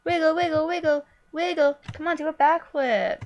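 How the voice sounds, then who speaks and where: A young woman commentating her own gameplay, goofy and excitable, yelping and squealing at what happens on screen. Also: high voice, normal speed, highs cut off. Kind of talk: let's play commentary.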